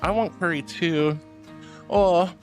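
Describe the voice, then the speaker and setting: A man's voice: on the high side, fairly even intonation, slow pace, a little mellow, soft background music. A man streaming live and reading out chat in a bubbly, affectionate, playful way, calling viewers sweetie and darling, with giggles, gasps and squeals. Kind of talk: chatty livestream reading chat.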